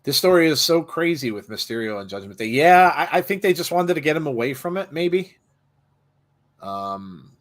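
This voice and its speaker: A young man hosts a live watch-along in a loose, rambling way and keeps stumbling into restarts. His voice sits at an ordinary middle pitch. He talks like he is chatting with viewers as things happen. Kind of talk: casual live commentary.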